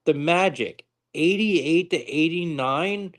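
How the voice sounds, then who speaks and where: A man's voice: a little high, animated, a little slow, few pauses. A young man hosting a live sports-betting stream, talking casually with frequent swearing and exasperated outbursts. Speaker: sports betting show host.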